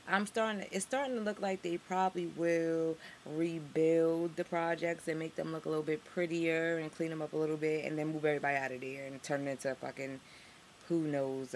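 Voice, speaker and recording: A woman's voice: low-pitched, a little mellow, slight background noise. A woman from Harlem with a New York accent, ranting to camera as a vlogger, profane and sarcastic, her voice jumping up when she gets outraged.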